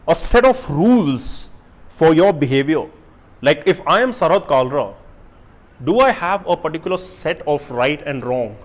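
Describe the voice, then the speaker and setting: A young man giving a casual motivational talk to camera, asking rhetorical questions and swinging from loud bursts to quiet asides. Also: on the high side. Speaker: self-help YouTuber.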